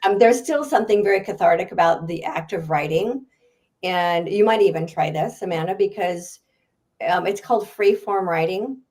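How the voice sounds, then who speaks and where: A woman, a guest author and speaker, answering in a podcast interview with a chatty, animated manner and frequent laughs. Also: on the low side, moderate pace.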